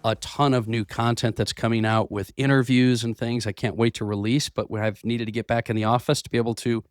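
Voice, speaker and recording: A man's voice: mid-range voice, little pitch movement, brisk, dry recording, faint music behind. A man hosting a motivational business podcast, talking earnestly and restarting his phrases, his voice a bit worn from losing it. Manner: earnest, repeats words while restarting. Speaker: podcast host. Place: office.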